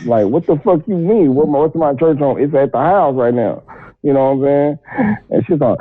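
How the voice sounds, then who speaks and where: A man's voice: fairly high pitch, expressive, brisk, no room sound. A man from Texas with a Southern accent, calling in to a podcast and telling loose, profane stories. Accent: Texan Southern US. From Texas, USA. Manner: loose profane storytelling with laughs. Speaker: caller guest. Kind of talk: casual call-in podcast chat. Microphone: phone call. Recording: tinny dry phone line.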